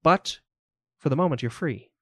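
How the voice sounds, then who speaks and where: A man's voice: fairly high pitch, lively intonation, moderate pace, no room sound, clean studio sound. A man narrating a tabletop game as game master, describing scenes vividly with casual fillers.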